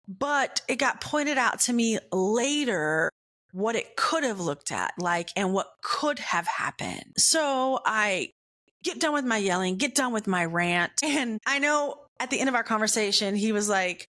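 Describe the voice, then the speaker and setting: A woman with a mid-range voice, animated, bright and forceful, hosts a faith-based comedy podcast. She tells a self-deprecating story about herself, laughs at herself, and quickly adopts put-on voices for other people's lines.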